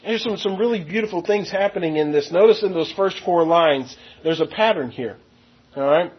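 A man preaching a verse-by-verse sermon, stressing key words and slowing down to read scripture aloud. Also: high voice, husky, highs cut off. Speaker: pastor.

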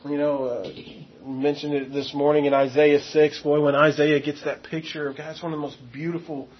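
A man preaching a verse-by-verse sermon, stressing key words and slowing down to read scripture aloud. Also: on the high side, little pitch movement, breathy edge, muffled recording. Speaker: pastor.

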